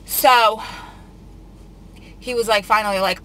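A woman's voice: mid-range voice, fairly even intonation, normal speed, pauses often, sharp tone, slight background noise, rough recording. A woman vlogger telling a painful story in a casual confessional vlog, upset and rambling with many filler words.

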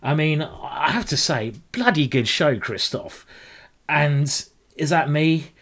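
Rambling chess video host. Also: male voice, a little high, lively intonation, slow, a bit bright. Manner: rambling, self-deprecating, restarts often. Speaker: chess YouTuber, grandmaster. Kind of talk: chatty video introduction.

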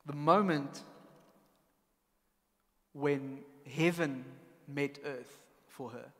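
A man's voice: a little high, extremely slow, fairly bright tone, long reverb tail. A South African man preaching a sermon as a pastor, speaking in an earnest, personal and candid way. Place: church.

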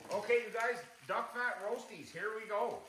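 Man host, chatty home cook, keeps saying "you guys", roomy kitchen with loud sizzling behind. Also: sits high, normal speed, noisy background. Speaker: cooking show host. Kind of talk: casual cooking demonstration.

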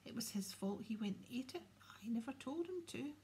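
A woman's voice: a little high, expressive, a little fast, mellow, a little hiss or hum. A woman voicing a cheeky teenage boy.

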